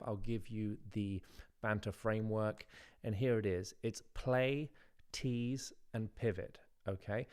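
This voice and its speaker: A man dating coach talking straight to his viewers in a relaxed, conversational way, often checking in with "right?" and slowing his voice to show how a line should land. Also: on the low side, clean tone. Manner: conversational, repeats "right?", demonstrates lines by slowing his delivery. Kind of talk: instructional talk to camera.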